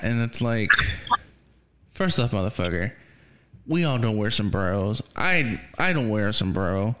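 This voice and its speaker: A man's voice: fairly low pitch, big pitch swings, normal speed, a bit bright, clear, resonant tone. Man, podcast host, casual profane chat, laughs a lot. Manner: profane, laid-back, laughs often.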